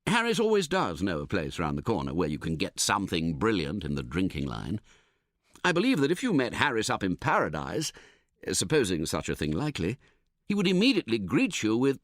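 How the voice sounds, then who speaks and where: Male audiobook narrator, very animated pitch, dry close mic, wry comic delivery. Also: a little fast, no room sound. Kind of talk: scripted narration.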